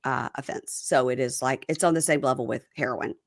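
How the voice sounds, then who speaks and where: A woman hosting a casual podcast, recapping a reality TV episode with animated retelling. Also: a little fast, no echo, clean studio sound. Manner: lively, acts out quotes in a higher voice. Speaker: podcast host.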